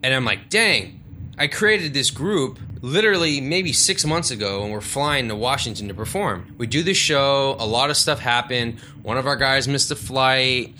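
A man of thirty telling a story in a casual, animated way, acting out the voices of the people he quotes. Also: medium pitch, normal speed, hardly any pauses, slight background noise.

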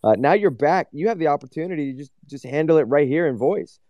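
A man's voice: on the high side, lively intonation, quick pace, no room sound, highs cut off. A man speaking up in a live online audio room, taunting and mocking the host with lots of swearing. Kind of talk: profane taunting banter.

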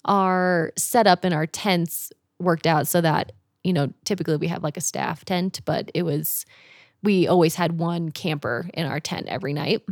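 A young woman tells a story in casual conversation, slightly low-pitched for a woman. She is animated, laughs often and swears easily. The sound is dry and close. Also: moderate pace, dry recording. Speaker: guest telling a camping story.

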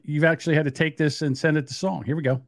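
A man's voice: a little high, steady tone, fast, creaky. A man co-hosting a casual podcast who rambles and banters with many fillers. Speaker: podcast co-host.

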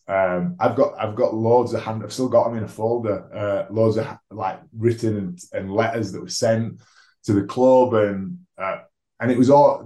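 A man's voice: fairly low pitch, darkish tone. A man, a rugby league player telling his own story as a podcast guest, frank and self-deprecating, swearing freely. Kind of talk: candid conversational storytelling. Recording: roomy echo.

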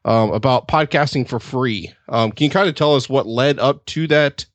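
A man hosts a podcast interview, easing into questions with a few "um"s and restarts. His voice has an average pitch. He is recorded dry, with no room echo. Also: moderate pace, muffled recording. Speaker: podcast host.

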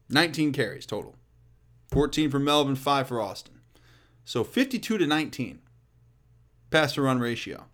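Animated, blunt male sports talk host. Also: a little high. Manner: blunt and profane, riffing with laughs; animated, swings between loud and quiet. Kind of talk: casual solo sports commentary.

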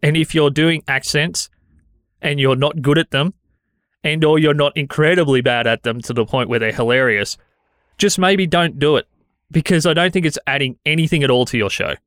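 A man's voice: a little high, brisk, a bit bright, smooth, no room sound. An Australian man hosting a solo podcast, talking frankly and conversationally into a studio microphone. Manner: frank, conversational, mildly exasperated critique. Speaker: podcast host. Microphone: studio dynamic microphone.

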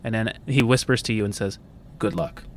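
A man narrating scenes as game master of a tabletop game, in a descriptive, unhurried way. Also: on the low side, steady tone, slight background noise.

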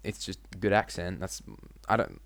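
A man's voice: deep voice, moderate pace, vocal fry, a bit bright, no echo. A young man co-hosting a casual podcast chat, rambling with many restarts and casual swearing. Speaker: podcast co-host.

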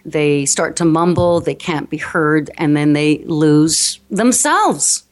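Brief: North American woman, speech coach guest, earnest teaching tone, slightly low voice. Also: lively intonation, slow. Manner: earnest, explanatory, with frequent restarts. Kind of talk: interview conversation.

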